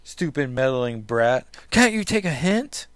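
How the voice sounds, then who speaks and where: A man's voice: unhurried, no room sound, close to an everyday voice. A man doing a bitter, anguished young woman. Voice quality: deepened voice. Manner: bitter, pained outbursts.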